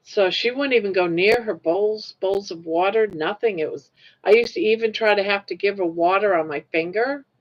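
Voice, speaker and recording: A woman's voice: mid-range voice, moderate pace. An older woman host chatting casually with livestream viewers while crocheting, rambling and laughing easily. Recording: lo-fi livestream audio.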